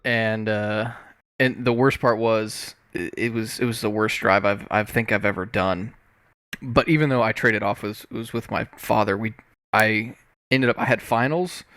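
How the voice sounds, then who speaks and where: Young man, podcast co-host, casual chat, halting restarts, dry close mic. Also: fairly low pitch, fairly even intonation, a bit bright, no room sound. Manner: halting storyteller with many restarts and fillers.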